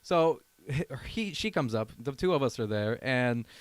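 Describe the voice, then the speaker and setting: A man in his thirties tells a long, rambling anecdote as a podcast guest. He jumps in and out of the voices of the people in his story. His voice sits at an ordinary pitch, and the recording is dry with no room sound. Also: normal speed, dry recording. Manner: animated anecdote-telling, acts out quoted voices. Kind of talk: casual storytelling chat.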